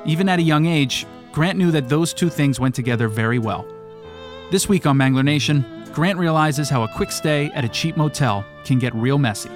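A man's voice: a little high, normal speed, faint music behind. A man hosting the show and narrating its introduction in a wry scripted manner.

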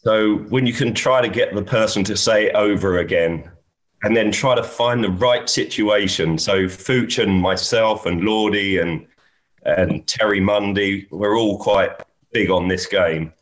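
A man's voice: lowish voice, a little slow. A man, a golf caddy, telling anecdotes in a casual chat and often laughing as he talks.

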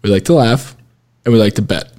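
A man's voice: on the low side, animated, fairly quick, darkish tone. Rambling man hosting a podcast. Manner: rambling, restarts sentences, laughs often. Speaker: podcast host. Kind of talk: casual chat.

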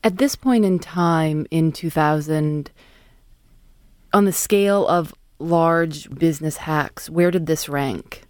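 A woman hosting a podcast, narrating in a measured way and asking questions. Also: deep voice, a little mellow, no echo, studio quality. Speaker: podcast host. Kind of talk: scripted narration and interviewing.

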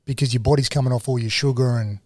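Male guest, animated storyteller, slang-heavy, dry close mic. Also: medium pitch, fast talker, dry recording. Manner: animated, slangy, swings into excited quoting. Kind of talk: casual storytelling.

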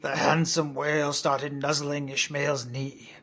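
Man, comic story narrator, gravelly, husky, deadpan. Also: on the high side, a little slow.

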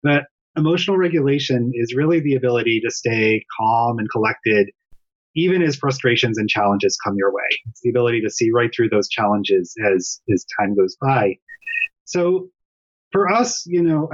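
Man explaining on a dull call line. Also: medium pitch. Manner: earnest, explanatory, laughs at home interruptions. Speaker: guest, developmental psychologist. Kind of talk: remote interview. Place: home during lockdown.

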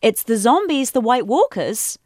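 Playful woman quiz host, very lively pitch, dry close sound. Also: a little slow, no echo. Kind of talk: casual podcast quiz chat.

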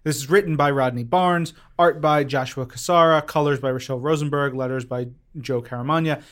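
A man co-hosting a casual podcast chat, telling stories with animated enthusiasm. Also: a little high, a little fast. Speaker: podcast co-host reviewing comics.

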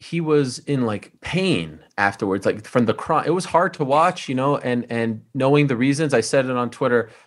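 A man's voice: mid-range voice, expressive, moderate pace, hardly any pauses. A man interviewing a guest, asking loose, probing questions in a casual, chatty way. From Canada. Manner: probing, loose questions with "you know" and "right?".

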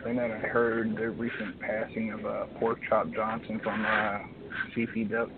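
Hoarse man rambling over a phone line. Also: lowish voice, monotone, crowd noise. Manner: halting, rambling, many restarts. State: hoarse, frog in his throat. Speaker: caller. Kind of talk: phone-in chat.

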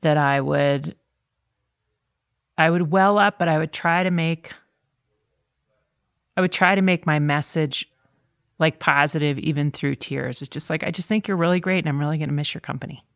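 A middle-aged woman talking candidly in a podcast conversation, telling stories with lively quoted voices. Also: sits low, moderate pace, gravelly, pauses often, dry recording, clean studio sound.

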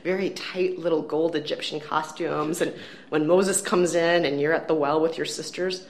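A woman co-hosting a casual film review chat, wry and animated, poking fun at the movie. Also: deep voice, moderate pace, slight background noise. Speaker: film critic co-host.

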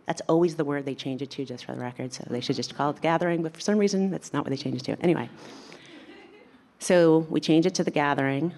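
A woman telling a personal story in a candid, animated way, acting out what other people said. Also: low-pitched, fast talker. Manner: candid, animated, acts out quoted voices.

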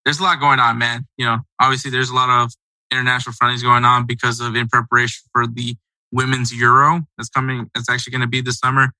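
A man's voice: mid-range voice, monotone, fast talker, sharp tone, dry recording, poor audio. A man hosting a casual sports podcast, talking in a loose, rambling, conversational way. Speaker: podcast host.

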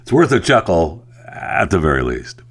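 A man with a very low voice hosts a talk podcast, talking casually. He rambles through asides and jokes in an easygoing way. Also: very animated, normal speed, husky. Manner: chatty, joking, rambling asides. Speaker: podcast host. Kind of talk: casual talk show monologue.

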